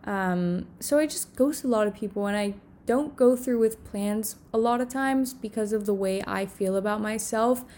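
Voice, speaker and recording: A woman's voice: mid-range voice, moderate pace, few pauses, darkish tone. Tearful young woman, rambling confession. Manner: tearful, rambling, heavy on filler words. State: on the verge of crying. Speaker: content creator. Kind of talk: emotional confessional vlog. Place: alone in her room.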